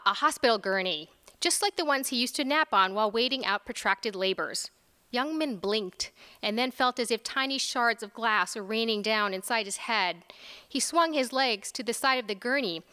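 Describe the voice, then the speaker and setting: A woman author reading her own fiction aloud at a conference, expressive and switching into character voices. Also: on the high side. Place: large lecture hall. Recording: reverberant lecture hall.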